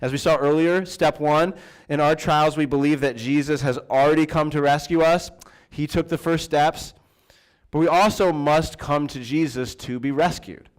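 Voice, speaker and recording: A man's voice: fairly high pitch, clean tone. A man preaching a sermon in a church, in a conversational way with fillers and restarts. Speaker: pastor.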